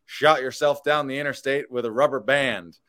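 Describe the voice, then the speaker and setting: A man voicing a gruff, blunt Texan trucker in a quick, raised, drawling voice. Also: medium pitch, a bit bright, voice pushed up, natural voice. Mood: exasperated.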